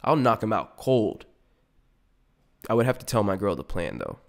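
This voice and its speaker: A man's voice: on the low side, big pitch swings, normal speed, creaky. A young man hosting a podcast, rambling through a profane, comedic monologue and slipping into voices for the people in his stories. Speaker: podcast host.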